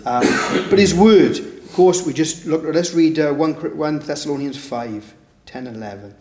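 Chatty, fairly high-voiced male preacher. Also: normal speed, darkish tone, echoey room. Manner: conversational, with frequent "isn't it?" tag questions. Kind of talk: informal Bible study preaching.

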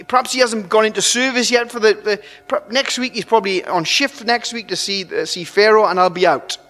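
High-voiced male preacher in a hall. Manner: animated, conversational, restarts phrases. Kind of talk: sermon. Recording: long hall reverb.

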